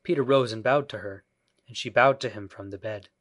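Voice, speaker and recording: A male audiobook narrator reading a children's classic in a measured, even scripted narration. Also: fairly low pitch.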